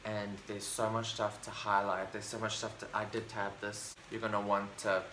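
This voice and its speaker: A man with a lowish voice talks through his favorite books in a loose, enthusiastic vlog chat, stumbling and restarting as he goes. The room around him rings with echo, and a faint hiss sits underneath. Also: completely flat delivery, normal speed, sharp tone. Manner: rambling, enthusiastic, full of fillers and restarts. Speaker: book vlogger. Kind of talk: casual book review chat. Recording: roomy echo, faint background noise.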